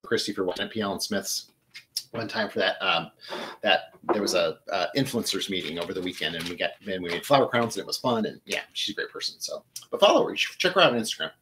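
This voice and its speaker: A man's voice: low-pitched, expressive, quick pace, fairly bright tone, slight background noise, poor audio. A middle-aged man from Michigan hosting a live flower-arranging show, chatting to viewers as he works. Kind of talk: casual live demonstration.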